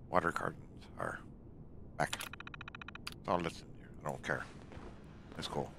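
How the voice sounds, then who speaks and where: A man with a very deep voice gives casual commentary over his gameplay. He grumbles as he goes, growling "arr" and tacking "I swear" onto his remarks. Steady background noise sits under the recording. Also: normal speed, creaky, pauses often. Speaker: gaming channel host.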